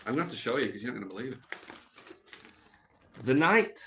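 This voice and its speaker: A man rambling on his live stream, deadpan and meandering, with lots of ums and trailing thoughts. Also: mid-range voice, very fast, slight background noise. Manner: meandering and deadpan, heavy with fillers.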